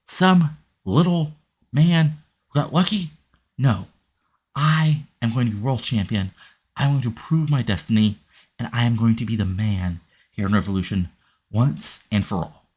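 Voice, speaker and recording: A man's voice: medium pitch, a little slow, long pauses, darkish tone, husky. A man voicing a cocky, arrogant male wrestler heel, taunting his rival in a game recap.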